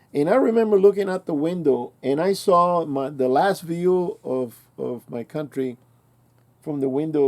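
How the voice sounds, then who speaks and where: Older man, 60s, mellow and relaxed tone; casual rambling storyteller who restarts his sentences. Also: on the high side. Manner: rambling, self-correcting, colloquial. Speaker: channel host.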